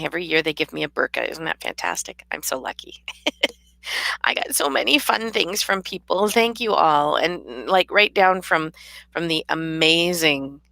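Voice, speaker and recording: A woman's voice: fairly low pitch, vocal fry, sharp tone, no room sound. A tired woman chatting casually to her camera in a rambling, laughing way. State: tired, yawning. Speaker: vlogger and author. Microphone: camera mic.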